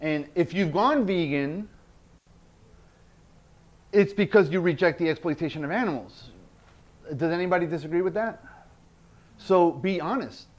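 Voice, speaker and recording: A man's voice: on the high side, animated, normal speed, long pauses, dull audio. A man presenting a workshop indoors, earnest, repeating key phrases and checking in with the group. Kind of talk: teaching a workshop. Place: indoor event space.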